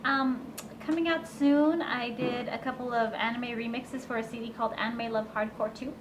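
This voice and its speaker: A woman voice actress chatting in a casual convention interview, bubbly and quick to laugh. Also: fairly high pitch, fairly even intonation, noisy background. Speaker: voice actress guest.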